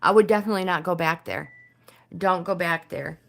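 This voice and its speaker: An older woman hosting a casual live stream, reading oracle cards to viewers and often pausing to search for words. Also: fairly low pitch, creaky, a bit bright. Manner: hesitant, searching for words, many fillers.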